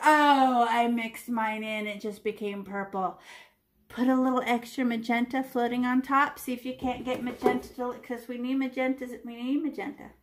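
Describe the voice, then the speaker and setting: A woman's voice: high voice, fairly bright tone. A woman art teacher leading a children's painting lesson step by step, chatty and playful, with little sound effects and voices.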